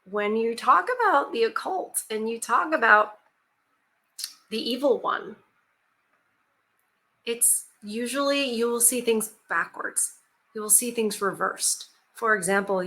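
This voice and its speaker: A woman's voice: medium pitch, a bit bright. A woman hosting her channel, chatting casually and reading a fairy tale aloud with frequent asides and emphatic rhetorical questions. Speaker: channel host. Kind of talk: casual commentary and storybook reading.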